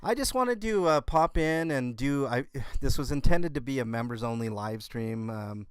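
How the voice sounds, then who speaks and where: A man hosting a casual livestream from home, talking with his viewers in a halting way and often restarting his sentences. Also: mid-range voice, expressive, clear, resonant tone, dry recording, clean studio sound. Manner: halting, restarts and repeats words. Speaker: livestream host. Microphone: computer setup.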